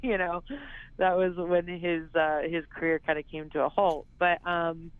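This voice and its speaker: Rambling actress on a tinny phone line. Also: female voice, on the low side, level tone, a little slow, clear, resonant tone, no echo. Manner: rambling, heavy use of "like" and "you know". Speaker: actress, interview guest. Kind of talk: casual phone interview.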